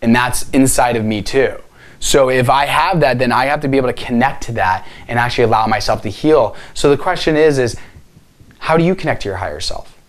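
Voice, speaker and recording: An earnest man coaching viewers on healing in a motivational talk to camera. He speaks directly and presses his points with rhetorical questions. His voice sits at an ordinary middle pitch for a man. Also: brisk.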